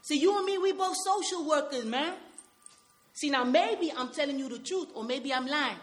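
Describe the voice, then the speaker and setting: A woman's voice: high-pitched, lively intonation, moderate pace. A woman playing a tough young Nuyorican man. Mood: taunting. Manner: tough, confrontational street talk mixed with Spanish. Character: streetwise young Puerto Rican man from Brooklyn, hardened and bitter. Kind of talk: dramatic monologue.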